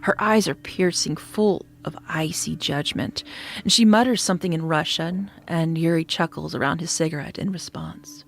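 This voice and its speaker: A woman narrating a scripted horror story in a steady, descriptive manner, sometimes dropping to a hush. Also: low-pitched, moderate pace, gravelly. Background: faint background music.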